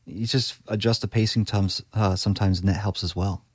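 A man who works as a podcast editor, explaining his craft as a guest in a relaxed conversational interview and often restarting his sentences. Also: on the low side, fairly quick, slightly rough, dry recording, studio quality. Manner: practical, explanatory, with frequent restarts.

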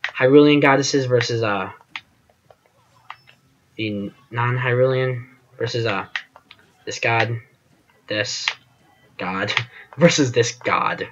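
A man's voice: medium pitch, slow pace, long pauses, highs cut off, background noise. A man giving casual gameplay commentary as host of his channel, rambling and self-deprecating, often trailing off with fillers.

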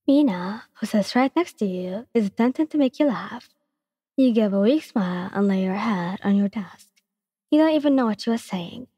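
A young woman narrating a second-person ASMR story in a soft, even reading voice. Her tone is breathy and slightly husky. A long reverb hangs behind her words. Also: medium pitch, normal speed, lo-fi sound. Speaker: fanfiction reader.

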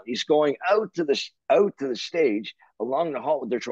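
Older canadian guy telling a rambling story, husky voice, lots of restarts, dull dry sound. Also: medium pitch, brisk, hardly any pauses, dry recording. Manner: animated, rambling, restarts and swears. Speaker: interview guest, musician. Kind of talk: anecdotal storytelling.

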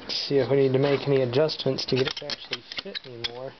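A man talks half to himself as he works, tossing out dry, self-mocking asides. The recording is dull and lo-fi. Loud mechanical clatter runs underneath his voice. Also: medium pitch, fairly even intonation, fast, background noise. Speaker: video maker tinkering with hardware. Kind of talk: casual running commentary while working.

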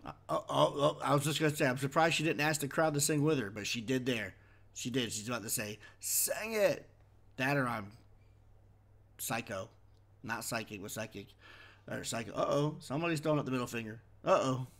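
A man's voice: medium pitch, a little fast, a bit bright. A man chatting casually as he reacts to a concert video, wondering aloud and easily impressed.

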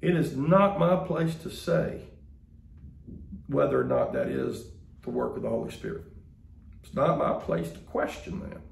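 A man's voice: mid-range voice, vocal fry, echoey room. A man, preaching a sermon as the pastor in a folksy, conversational storytelling way. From Mississippi, US.

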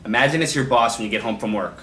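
A young man from Canada delivering a comedy vlog monologue in quick joking one-liners. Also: medium pitch, fairly bright tone. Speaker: vlogger. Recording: roomy echo, distant mic, faint noise.

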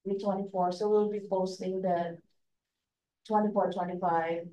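A woman with a non-native accent presenting at a training session, halting, with many fillers and restarts. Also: lowish voice, steady tone, mellow, distant mic, slight background noise. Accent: non-native English accent. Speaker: state education staff trainer. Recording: echoey room, voice from afar.

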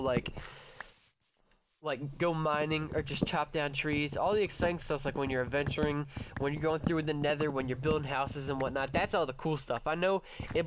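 A young man hosting a let's-play, chatting excitedly with his viewers and his pet, cursing when startled. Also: a little high, noisy background. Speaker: gaming channel host. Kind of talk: casual let's-play commentary.

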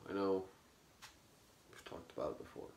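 A man's voice: sits low, normal speed, darkish tone, reverberant, a little hiss or hum. A man playing every member of a one-man band in a comedy sketch, bickering with himself. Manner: switching between bandmate characters, bickering.

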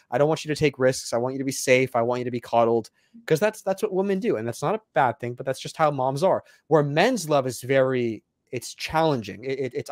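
A man's voice: medium pitch, dry recording, studio quality. Blunt, emphatic male evangelist. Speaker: evangelist guest. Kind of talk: casual interview talk.

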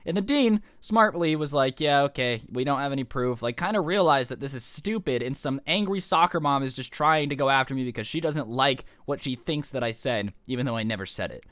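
A young man telling a storytime vlog in a fast, animated rant, swearing freely. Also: medium pitch, smooth, no room sound, clean studio sound. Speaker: YouTuber.

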